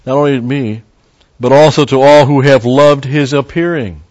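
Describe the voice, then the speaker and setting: A man's voice: medium pitch, normal speed, darkish tone, highs cut off. A man preaching a verse-by-verse sermon as a Bible teacher, talking conversationally, stopping for Hebrew word study and making wry asides to the congregation.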